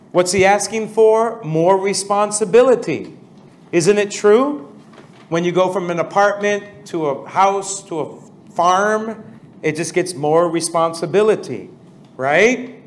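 A man leading a prayer seminar as pastor, energetic and constantly asking the audience questions, with an American accent. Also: high voice. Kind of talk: interactive seminar teaching.

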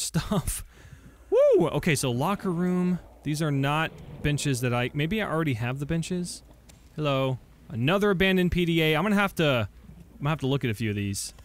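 A young man commenting on a game he is playing, his voice sitting a bit high and swinging widely as he reacts. He gets loud and swears when something surprises him, then settles back into chatter. Faint game noise runs under his talk. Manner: excitable, bursts into shouts of surprise, swears freely. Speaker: let's play host. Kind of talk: gameplay commentary.

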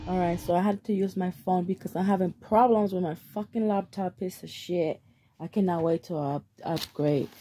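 Making a gift on camera, a woman vlogger chats casually, getting frustrated easily and swearing often. Her voice is mid-range and dark, with faint background noise in the recording.

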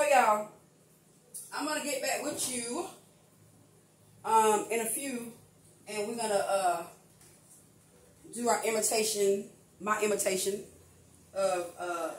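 An older woman chatting casually to viewers as she cooks in her home kitchen, calling them y'all. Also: medium pitch. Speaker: cooking vlogger. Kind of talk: casual home cooking vlog. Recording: echoey room, mic at a distance.

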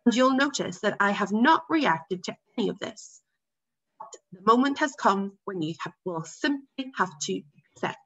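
A woman reading aloud voices a stern, quietly commanding middle-aged father, measured and cold. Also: mid-range voice, animated. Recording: dull lo-fi sound.

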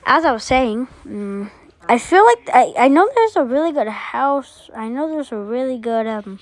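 Woman voicing a bratty four-year-old boy, babyish mispronouncing, sly, highish pitch, homemade puppet skit. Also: expressive, moderate pace, close to an everyday voice. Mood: scheming.

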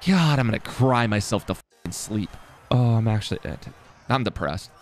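With faint music behind him, a young gaming streamer comments on his own football video game play in a lowish, expressive voice. He talks briskly to himself, swears, and mocks his own mistakes.

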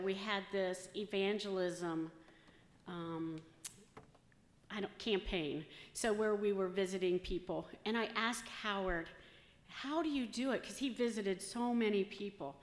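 A woman telling a joke to a church congregation in a chatty, casual way. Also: mid-range voice. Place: church sanctuary. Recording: echoey church hall with long reverb.

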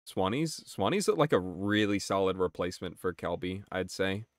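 A young man chatting casually on his game live stream, excitable, swearing and reacting to chat. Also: low voice, moderate pace, no echo, studio quality.

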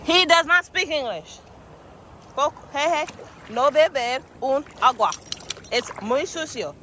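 A woman with a high, swooping voice cheers and coaxes her dog on a lake day. Her talk is casual and excited, rising and falling all over the place. Outdoor noise is clearly heard around her. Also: slow. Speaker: vlogger.

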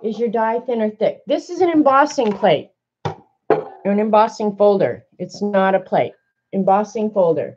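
A woman talks viewers through a craft machine in her home craft room, thinking out loud and growing flustered. Her voice is mellow and a little dark. The recording sounds slightly dull and lo-fi. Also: mid-range voice, animated, normal speed, slight background noise. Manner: chatty, flustered, thinking aloud. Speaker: crafter demonstrating a die-cutting machine. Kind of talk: casual craft demonstration to viewers.

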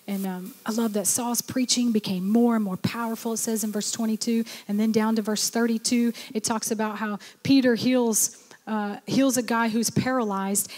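A woman's voice: a little high, steady tone, normal speed, mellow, in a large hall. A woman pastor preaching a sermon, exhorting her listeners and urging them on. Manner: exhorting, repeats "come on".

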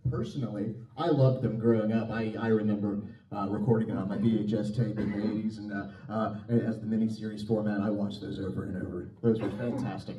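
A man's voice: lowish voice, steady tone, brisk, recorded from a distance, slight background noise. A man moderating a convention panel, talking casually with fan-like enthusiasm. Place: convention hall. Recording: dull, echoey hall sound from afar.

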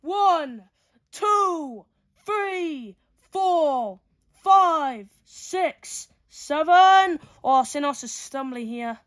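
A woman giving excitable play-by-play fight commentary, full of exclamations and counts. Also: high-pitched, extremely slow.

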